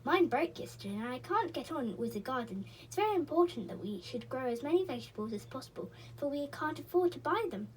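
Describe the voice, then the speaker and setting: A cross father from a storybook, stern and quick to scold, as a woman reads his lines. The voice stays light with lively swings. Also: sits high, a little hiss or hum, low-quality recording. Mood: earnest.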